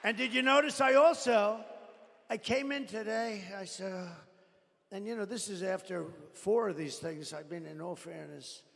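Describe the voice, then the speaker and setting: A man's voice: high voice, moderate pace, gravelly, fairly bright tone. An older man giving a rambling, boastful rally speech into a podium microphone, often griping angrily about the sound. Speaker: political rally speaker. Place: large rally venue. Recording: echoey arena with faint crowd.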